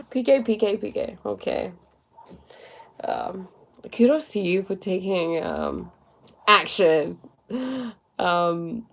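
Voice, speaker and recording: A woman's voice: on the low side, very animated, slow pace, gravelly, long pauses. A young woman casually giving spiritual and motivational talk to live viewers, chatty and full of fillers. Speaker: livestream host.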